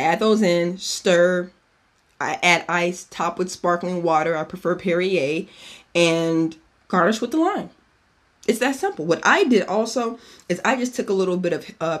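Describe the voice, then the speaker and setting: In a relaxed podcast conversation, a man with a high voice walks through how to make a cocktail. As host, he's talkative and foul-mouthed, and he drifts into side topics.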